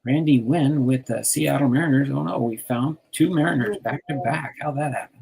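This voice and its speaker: An older man from New Jersey hosting a relaxed chat, reading out card names and laughing often. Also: mid-range voice, fairly quick, gravelly. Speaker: host sorting baseball cards on a stream. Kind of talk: casual chat.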